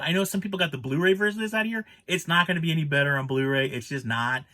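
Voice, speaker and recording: A man's voice: a little high, very fast, few pauses, bright, forceful tone. A man giving a casual spoken movie review, rambling and exasperated, restarting his sentences as he rants.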